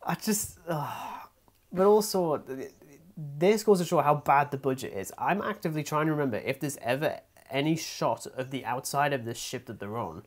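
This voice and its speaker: A man's voice: mid-range voice, lively intonation, normal speed. A young man co-hosting a podcast, wry and hesitant, with restarts and fillers. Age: young adult. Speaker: podcast co-host. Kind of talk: casual chat. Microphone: podcast mic.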